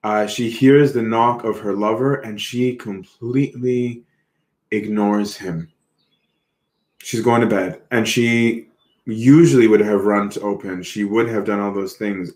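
A man's voice: on the low side, fairly even intonation, darkish tone, echoey room. A man giving an earnest, reflective sermon, repeating words as he goes. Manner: earnest, reflective, slow with repetitions. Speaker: preacher.

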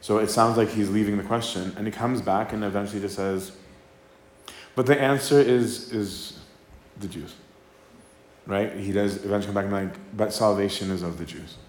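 A man's voice: lowish voice, fairly even intonation, moderate pace, a little hiss or hum. A man, a priest, giving an informal talk that is conversational, tagging "right?" onto his points and acting out the quotes. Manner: conversational, keeps asking "right?", acts out quotes. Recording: echoey room with faint ambience.

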